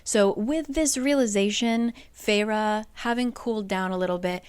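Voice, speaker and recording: A woman's voice: medium pitch, measured pace, smooth, dry recording. A young woman casually retelling a book plot, chatty and full of fillers. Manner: chatty, lots of fillers like "like" and "basically". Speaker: book summarizer.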